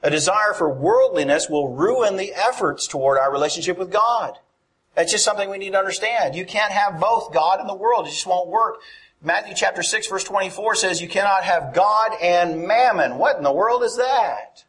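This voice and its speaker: Conversational male preacher, higher voice. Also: expressive, moderate pace, fairly bright tone. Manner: conversational, asks the congregation questions. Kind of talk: sermon.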